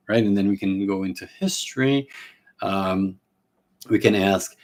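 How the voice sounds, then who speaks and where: A man with a lowish voice teaches live in a relaxed, unscripted way. He stops and restarts sentences often and slips into brief acted exchanges between a therapist and a client to show his points. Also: measured pace, long pauses. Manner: casual, many fillers and restarts. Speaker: therapy trainer.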